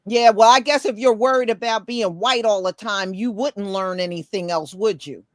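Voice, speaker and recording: A woman's voice: medium pitch, fairly even intonation, normal speed, no room sound, studio quality. A woman hosting a casual opinion talk, blunt and emphatic, swearing freely. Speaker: host.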